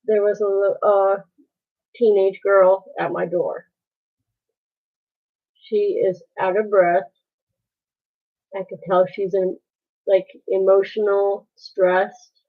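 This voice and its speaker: A woman telling a painful story on a live stream, halting and pausing as she goes. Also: medium pitch, level tone. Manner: halting, with many pauses and restarts. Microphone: phone. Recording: tinny phone-like sound.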